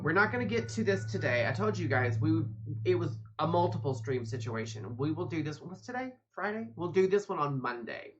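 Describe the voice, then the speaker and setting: Low-voiced woman streamer, sassy and rambling with plenty of swearing, slightly dull mic sound. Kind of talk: casual gameplay commentary.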